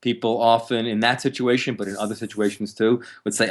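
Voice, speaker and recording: A man, a counselor, talks as an interview guest, explaining with lively energy, laughing now and then and acting out harsh inner voices. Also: medium pitch, brisk, hardly any pauses. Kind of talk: explanatory conversational talk.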